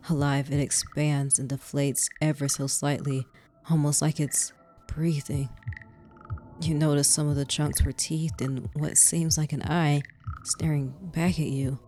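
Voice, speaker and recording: Low-voiced woman narrating a horror game. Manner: dramatic narration broken by loud, squealing reactions. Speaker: gaming streamer. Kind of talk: reading a story game aloud with reactions.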